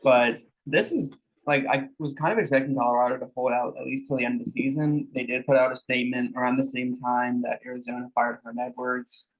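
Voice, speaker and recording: A man with a husky, worn voice, as if he is losing it, runs through football talk on a podcast. His pitch stays flat and even, and he keeps up a quick, casual delivery. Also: rough recording. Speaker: podcast co-host. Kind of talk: casual sports chat.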